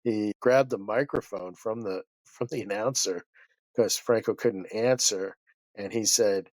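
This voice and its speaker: A man's voice: lowish voice, unhurried, no room sound. A man who is a guest chiropractor, telling a story in a rambling, passionate way that keeps interrupting itself.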